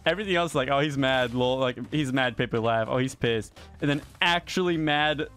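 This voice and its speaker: A man streaming live in casual chat, excitable and profane. He keeps jumping into high, squeaky protests. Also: brisk, smooth, soft background music. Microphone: gaming headset.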